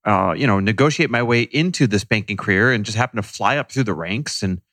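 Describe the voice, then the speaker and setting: A man's voice: fairly low pitch, a little fast, fairly bright tone, no echo, clean studio sound. A man co-hosting a podcast, recounting past events in a candid, self-deprecating way. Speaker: podcast co-host. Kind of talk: casual conversation.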